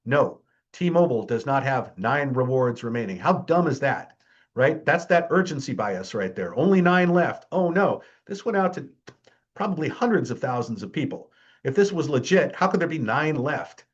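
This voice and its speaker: A man's voice: mid-range voice, animated, moderate pace, slightly rough. Chatty male trainer, dull lo-fi audio. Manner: chatty and emphatic, keeps checking in with "okay?" and "right?"; wry, mocking tone toward scams. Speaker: security awareness trainer. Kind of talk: presenting a training webinar.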